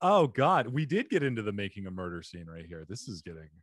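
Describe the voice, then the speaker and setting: A man hosting a comedy podcast with a deep, resonant radio voice, joking and self-deprecating in casual chat. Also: big pitch swings, a little fast, no room sound, studio quality. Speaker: podcast host.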